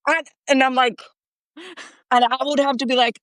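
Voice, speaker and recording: A middle-aged woman from Colombia with a Colombian Spanish accent, talking in a chatty, animated way with many fillers. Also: high voice, moderate pace, no room sound, clean studio sound. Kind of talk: casual conversation.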